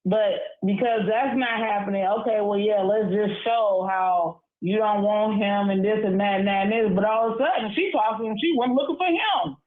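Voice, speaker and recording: A woman's voice: medium pitch, normal speed, hardly any pauses. A woman calling in to a show, ranting in a heated, profane, rambling way full of fillers. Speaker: caller. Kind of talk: casual call-in rant. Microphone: phone. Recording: tinny phone line, echoey.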